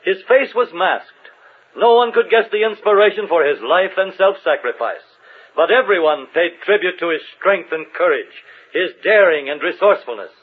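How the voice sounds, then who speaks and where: A man narrating a radio drama as announcer, booming and declamatory. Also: animated, normal speed, husky. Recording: tinny old radio recording, faint hiss.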